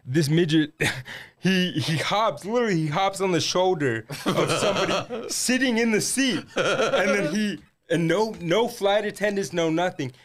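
Young man, comedic guest storyteller, higher-pitched, laughs a lot. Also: expressive, unhurried. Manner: laughs through his story, crude slang. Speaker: podcast guest, former Paralympic athlete.

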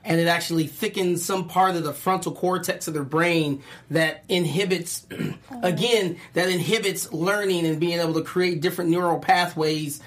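A woman in her thirties co-hosting a casual group chat about a TV show, an animated storyteller with a slangy, playful way of talking. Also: lowish voice, normal speed, few pauses. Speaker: podcast co-host.

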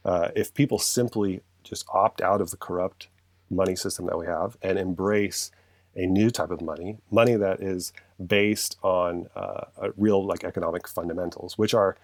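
At a moderate pace, a low-pitched man makes his case with heartfelt intensity in an easygoing conversation, rambling and self-correcting as he goes. It's a close, dry recording with no echo.

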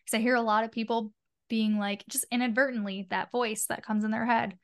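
Brisk and expressive, a woman spiritual mentor with a fairly high voice chats as a podcast guest in a casual interview. She swears casually and acts out inner voices.

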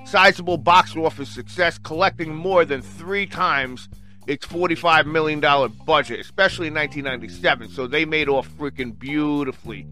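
Bright-voiced, excitable man ranting about a movie. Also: on the high side, normal speed, faint music behind. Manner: excitable, swears, keeps saying "freaking". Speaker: movie reviewer. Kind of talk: casual rant reading off a webpage.

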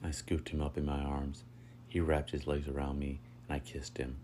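A man reading a first-person story aloud in a steady, unhurried way. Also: very deep voice, a little hiss or hum. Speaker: narrator.

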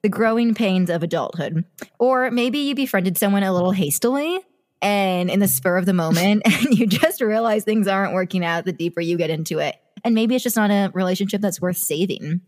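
A woman in her twenties co-hosting a podcast, chatting casually, talking fast and laughing often. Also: medium pitch, a little mellow. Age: 20s. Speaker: podcast co-host. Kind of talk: casual chat.

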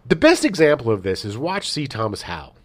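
A man co-hosting a podcast in casual chat, emphatic and quick to act out scenes. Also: mid-range voice. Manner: animated, emphatic, acts out scenes. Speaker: podcast co-host.

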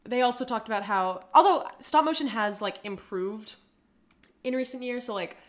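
Chatty woman with a higher voice. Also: normal speed. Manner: chatty and enthusiastic, frequent fillers and laughs. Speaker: podcast co-host. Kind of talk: casual movie-review chat.

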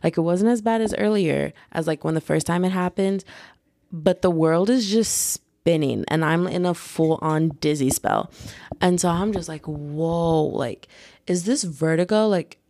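A young woman vlogger telling a personal story in a chatty, animated way, full of "like"s. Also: on the low side, unhurried, no room sound, clean studio sound. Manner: chatty, animated retelling with many "like"s. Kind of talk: casual storytime.

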